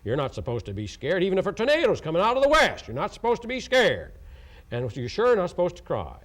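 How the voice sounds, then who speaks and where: His voice is high and fairly bright, swinging hugely in pitch at a quick pace. He's an Oklahoma man from the USA giving a taped educational lecture on communication, emphatic and repetitive, with plenty of rhetorical questions.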